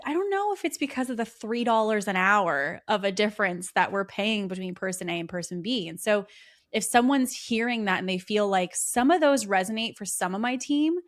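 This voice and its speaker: A woman's voice: medium pitch, animated, normal speed, no room sound, studio quality. A woman hosting a podcast interview who thinks aloud as she frames her questions. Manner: thinking aloud, many fillers. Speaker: podcast host. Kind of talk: conversational interview.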